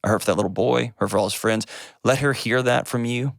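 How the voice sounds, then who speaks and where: A man, hosting an advice call-in show and answering a caller in an earnest, gentle way. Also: medium pitch, quick pace, vocal fry, no echo, clean studio sound. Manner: earnest and gentle, shifts pace often.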